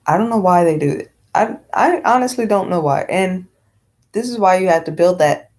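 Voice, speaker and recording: A woman's voice: on the low side, expressive, moderate pace, darkish tone. A woman talking bluntly in a casual vlog rant, rambling with many fillers and swearing freely. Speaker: vlogger.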